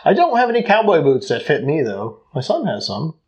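A man co-hosting a podcast who rambles from joke to joke and giggles often. His voice sits fairly high and swings up and down lively as he talks. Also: a little fast. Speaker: podcast co-host. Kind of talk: casual chat.

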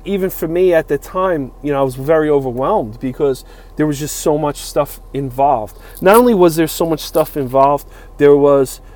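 A man's voice: mid-range voice, darkish tone. A man in his forties telling a long personal story in a rambling, casual way, full of fillers and quoted dialogue. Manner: rambling, many fillers, acts out quoted lines. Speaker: utility worker telling a story.

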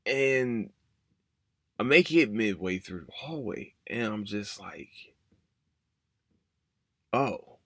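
A man's voice: on the low side, lively intonation, slow, gravelly, fairly bright tone, no room sound, studio quality. A man, hosting a podcast and telling a personal story in an emotional, rambling way that repeats itself. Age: 30s. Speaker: podcast host. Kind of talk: casual personal monologue.

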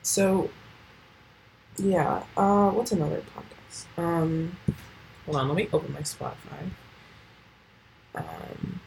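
A woman's voice: deep voice, takes it slowly, creaky, pauses often, darkish tone, a little hiss or hum, poor audio. A teenage girl talking casually on her own podcast at home, rambling with lots of fillers and casual swearing. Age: late teens. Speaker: podcast host. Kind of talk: casual solo podcast chat.

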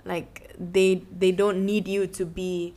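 Chatty, low-voiced woman recapping a book. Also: flat delivery, slow pace, mellow. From Malaysia. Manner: chatty, laughs often, acts out quotes. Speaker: book podcast co-host. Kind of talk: casual book discussion.

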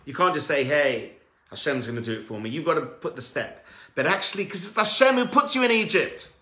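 A man giving an emphatic sermon-style teaching talk as a religious speaker and coach, swinging between loud urging and quiet earnest tones. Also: a little high, animated, fairly quick, echoey room.

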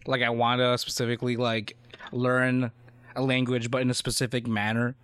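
A man co-hosting a casual podcast chat, excitable, swearing and restarting his sentences. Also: mid-range voice, normal speed, clean tone, no echo, studio quality. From Chicago area. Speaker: podcast co-host.

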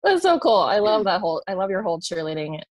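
A woman hosting a podcast in casual chat, chatty and quick to laugh as she asks eager questions. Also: medium pitch, sing-song. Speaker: podcast host.

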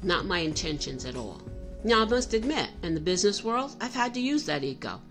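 A woman's voice: fairly low pitch, big pitch swings, brisk, a bit bright, faint music behind. A middle-aged woman telling a personal story in a candid, self-reflective way, often restarting her sentences.

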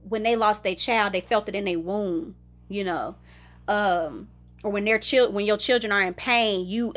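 Young woman, podcast host, candid reflective chat, bright clear tone, laughs now and then. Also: mid-range voice. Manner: candid, conversational, laughs often. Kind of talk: reflective personal talk.

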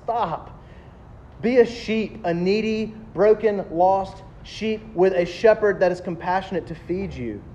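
A man, preaching a sermon as a pastor, emphatic and animated, slowing down to stress key words. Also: high voice, slight background noise. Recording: dull lo-fi sound with faint ambience.

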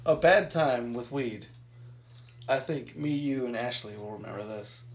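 A man's voice: mid-range voice, a little slow. A man co-hosting a casual podcast, laid-back, telling a story with repeated phrases. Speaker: podcast co-host. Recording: roomy echo.

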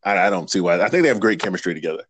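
A man's voice: deep voice, rapid-fire, fairly bright tone, slightly rough, no echo. A man co-hosting a casual podcast, laid back and joking, with plenty of swearing. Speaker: podcast co-host.

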